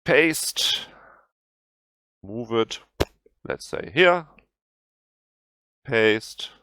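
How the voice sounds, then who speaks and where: A man with a German accent, a native German speaker, talking through a software tutorial in halting English that often restarts. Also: mid-range voice, lively intonation, smooth, no room sound. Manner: halting, self-correcting non-native English. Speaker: tutorial host. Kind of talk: screen-recorded software tutorial.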